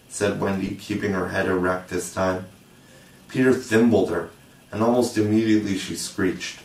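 Low-voiced man reading a storybook. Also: steady tone, moderate pace, vocal fry. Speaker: audiobook reader. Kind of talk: storybook narration. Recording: roomy, distant mic.

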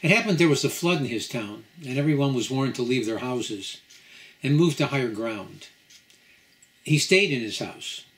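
A man, a rabbi, giving a lecture at a home gathering, telling a parable and then teaching in a measured, storytelling way with pauses. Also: mid-range voice, animated, fairly bright tone. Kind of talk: sermon-style lecture.

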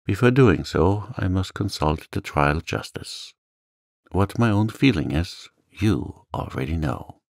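A stern, proud magistrate with a low, gravelly voice gives curt orders, as a man reads him out. The slow, dry, close delivery suits a calm storybook reading. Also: no room sound, exaggerated voice. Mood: stern, uneasy. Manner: curt, commanding.

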